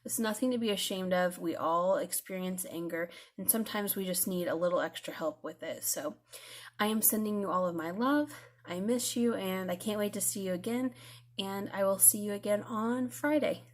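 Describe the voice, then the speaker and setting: A young woman speaks to her students in a recorded lesson. She is gentle and reassuring, with the odd "um" as she goes. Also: medium pitch, normal speed. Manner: gentle, reassuring, with frequent fillers.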